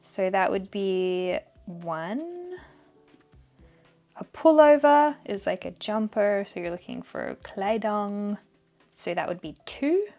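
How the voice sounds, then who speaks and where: A young woman talks casually through a language test for her vlog, reading questions aloud and working out the answers as she goes. She slows down to sound out unfamiliar words carefully. Faint music runs underneath her voice. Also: medium pitch, expressive, mellow. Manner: thinks aloud, sounds out German words slowly. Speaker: vlogger taking a language test.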